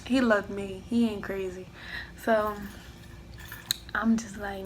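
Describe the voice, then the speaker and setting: A young woman telling a personal story in a casual vlog, acting out both sides of the argument with lively emphasis. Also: medium pitch, slow, long pauses, slight background noise, poor audio. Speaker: vlogger.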